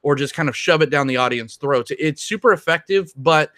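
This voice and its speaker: A man's voice: fairly high pitch, brisk, pushed and bright, no room sound. A man co-hosting a podcast, talking about films in a rambling way with lots of restarts and ums. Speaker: podcast co-host. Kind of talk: casual film discussion.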